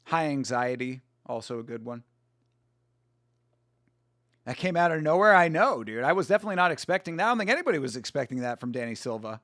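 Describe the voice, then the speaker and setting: A man's voice: medium pitch, big pitch swings, quick pace, fairly bright tone, no room sound, studio quality. A young man hosting a live fight watch-along stream, chatting casually, swearing and greeting viewers by name.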